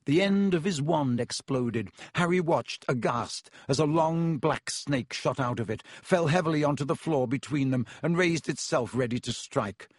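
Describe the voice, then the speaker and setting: A man narrating an audiobook in a measured storytelling manner. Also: on the high side, breathy edge, no room sound. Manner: measured storytelling with voiced characters.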